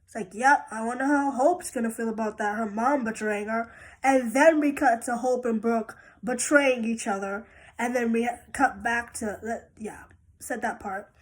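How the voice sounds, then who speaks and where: A woman's voice: a little high, steady tone, moderate pace. A woman casually recapping soap opera scenes, rambling and correcting herself as she goes. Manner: rambling, many fillers and self-corrections.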